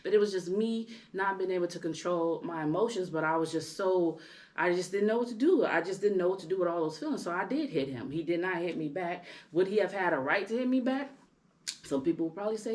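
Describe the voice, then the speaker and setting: Woman, thirties, co-host telling a candid personal story; lower-pitched, lively delivery that climbs when heated, peppered with "right?". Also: fairly quick. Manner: animated, rising loud and high when worked up; tag questions, frequent "right?". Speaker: podcast co-host. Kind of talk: candid storytelling in casual chat.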